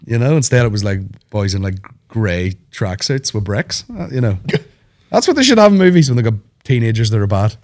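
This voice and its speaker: A man hosting a podcast, rambling in animated, sweary banter. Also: lowish voice, fairly quick. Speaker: podcast host. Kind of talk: casual chat.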